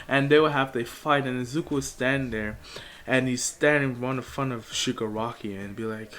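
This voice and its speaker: A man's voice: medium pitch, steady tone, normal speed, a bit bright. A young man casually telling a made-up story, rambling with lots of fillers. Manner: rambling, filler-heavy, laughs often. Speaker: channel host.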